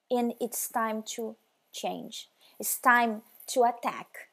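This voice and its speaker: Woman devotional speaker, high pitch, direct and emphatic with her listener. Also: slow pace. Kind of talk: motivational devotional talk.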